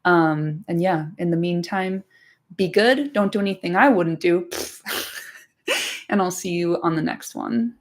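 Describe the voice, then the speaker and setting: Woman host, casual stream chat, slightly low, giggly, filler-heavy. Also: fairly even intonation, unhurried. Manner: chatty, laughs often, says "like" constantly, swears casually. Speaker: podcast host.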